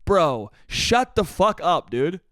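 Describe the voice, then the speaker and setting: A man hosting a solo podcast, ranting in an exasperated, profane way and mimicking other people in flat voices. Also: high voice, slow, dry recording, studio quality. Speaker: podcast host. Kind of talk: solo comedic rant.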